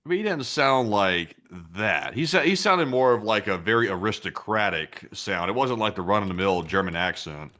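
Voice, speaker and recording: A man's voice: on the low side, animated, normal speed, few pauses, bright, forceful tone. A man co-hosting a live stream, chatting in an easygoing way with fillers and reading out viewer donations. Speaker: co-host. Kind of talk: casual chat and reading donations.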